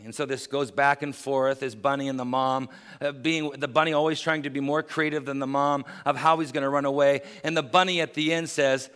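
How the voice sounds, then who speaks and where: A man's voice: on the high side, steady tone, normal speed, fairly bright tone, smooth. A man preaching a sermon, earnest and building to emphatic peaks. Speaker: pastor. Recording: long reverb of a large hall.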